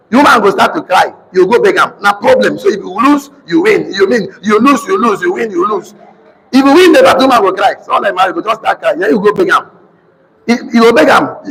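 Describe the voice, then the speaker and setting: A man with a Nigerian accent giving an animated teaching talk, repeating points and slipping into pidgin. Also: high-pitched, big-room sound, poor audio. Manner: animated, repetitive, mixes in pidgin. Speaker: motivational speaker.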